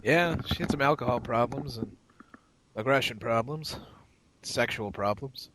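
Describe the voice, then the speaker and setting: A man's voice: mid-range voice, measured pace, background noise. A man co-hosting a podcast, telling a rambling, profane story in casual chat and acting out the other people in it. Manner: rambling, profane anecdote-telling with quoted voices. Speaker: podcast co-host.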